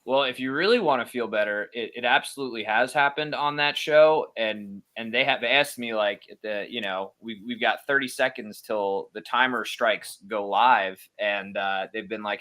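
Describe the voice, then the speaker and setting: A man's voice: medium pitch, moderate pace, hardly any pauses, sharp tone. A man who produces the podcast, chatting in an easygoing, outgoing way with stammered restarts. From Austin, Texas area. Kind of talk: casual podcast chat.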